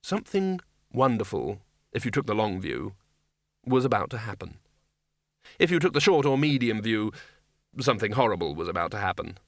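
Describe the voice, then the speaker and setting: A man's voice: fairly low pitch, very animated, moderate pace, long pauses, no room sound. A man narrating a comic fantasy audiobook in a dry, wry storytelling manner on a close studio mic. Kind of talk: scripted narration.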